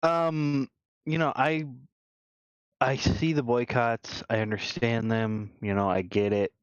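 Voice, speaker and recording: A man's voice: mid-range voice, steady tone, slow, clear, resonant tone, no echo. A man co-hosting a gaming podcast, talking casually in a rambling way, full of restarts and "you know.". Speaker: podcast co-host. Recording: dull lo-fi dry sound.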